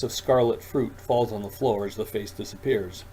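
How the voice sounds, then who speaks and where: Low-voiced man reading his own story. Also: moderate pace, few pauses, warm tone, husky, poor audio. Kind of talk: audiobook narration.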